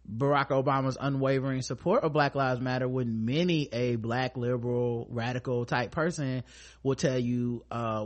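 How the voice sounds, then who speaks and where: A male podcast host talking casually about news, sarcastic and profane. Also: medium pitch.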